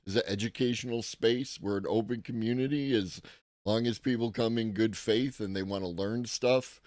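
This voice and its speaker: Male stream host, slow delivery, lowish voice, casual and rambling, dry close sound. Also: no room sound. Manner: casual, rambling, profane, greets chat viewers. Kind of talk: morning tech-news commentary stream.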